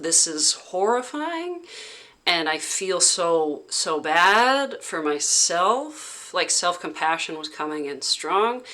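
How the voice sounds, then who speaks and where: Woman vlogger, unhurried and halting, crisp bright tone, casual storytelling. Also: deep voice. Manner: halting, heavy with "like" fillers. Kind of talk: casual personal recounting.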